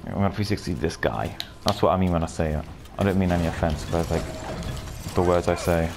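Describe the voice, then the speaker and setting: Brief: low-voiced male gamer, loose foul-mouthed running commentary, faint hiss underneath. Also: a little fast. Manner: casual and rambling, swears often, bursts into loud shouts and laughter. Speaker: gaming video creator. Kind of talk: live gameplay commentary.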